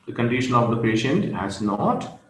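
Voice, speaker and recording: A man giving an online grammar lesson, speaking slowly and repeating key phrases with pauses. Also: medium pitch, big pitch swings. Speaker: grammar teacher. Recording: roomy echo with faint noise.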